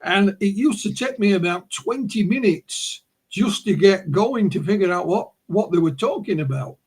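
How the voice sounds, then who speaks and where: A man's voice: sits high, expressive, moderate pace, a little mellow, breathy edge. A man from the north of England with a northern English accent, an author answering interview questions in an anecdotal way. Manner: anecdotal, with repeated "you know" and restarts.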